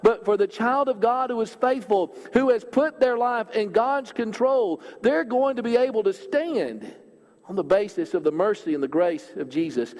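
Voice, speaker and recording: A male preacher giving a sermon in a church, earnest, speeding up and swelling through scripture readings and dropping low and soft on key points. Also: normal speed. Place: church auditorium. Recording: hall reverb.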